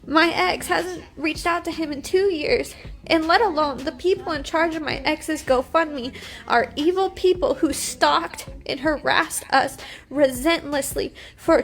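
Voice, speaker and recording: A woman in her twenties, crying as she talks in an upset, defiant livestream monologue on her phone. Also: high voice. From United States. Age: 20s. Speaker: reality TV personality.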